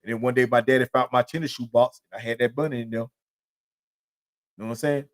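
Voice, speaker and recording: A fast talker with a steady tone and medium pitch, this man holds forth solo on his podcast. He rambles on with street stories laced with swearing in casual slang, repeatedly asking "you know what I'm saying."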